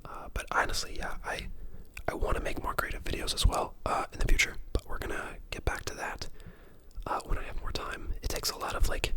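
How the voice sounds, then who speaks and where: A person in their twenties whispering a casual ASMR ramble at home, chatty and full of fillers. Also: brisk. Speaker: ASMR creator and dental student.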